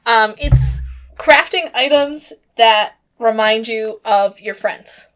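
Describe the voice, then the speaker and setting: A woman's voice: fairly high pitch, takes it slowly, a bit bright, faint music behind. A young woman co-hosting a casual crafting show, chatting in an easygoing way. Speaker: podcast co-host. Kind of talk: casual chat. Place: indoors at home, on camera.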